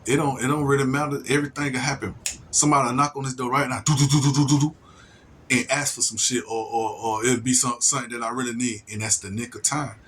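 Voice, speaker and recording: A man's voice: mid-range voice, fairly even intonation, a bit bright, slight background noise. A man talking in a rambling casual monologue, restarting his sentences, stammering, and often asking whether you get him. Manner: slow, drawn-out emphasis on single words. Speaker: solo video monologue speaker.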